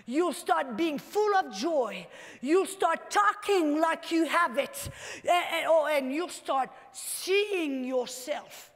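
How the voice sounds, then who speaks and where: A woman preaches an animated sermon in a very high voice and often rises to shouting. Her voice rings out with a long reverb in a church hall. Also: slow pace.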